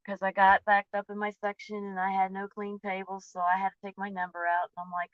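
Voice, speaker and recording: Openly sharing her emotions in a casual vlog, this woman rambles and frequently loses her thread, then starts over. She speaks at normal speed in a mid-range voice with little pitch movement, and the lo-fi recording sounds dull and dry.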